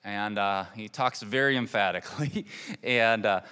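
A man's voice: lowish voice, unhurried, clear, resonant tone. Earnest man giving a reflective sermon. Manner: earnest, reflective, with soft laughs and repeated words. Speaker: pastor.

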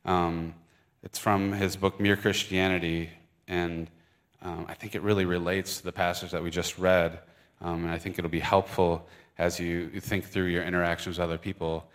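Man pastor with a Michigan accent, low-pitched, informal and earnest from the pulpit. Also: flat delivery, normal speed. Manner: conversational, earnest, with fillers and restarts. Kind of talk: sermon. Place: church service. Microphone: microphone.

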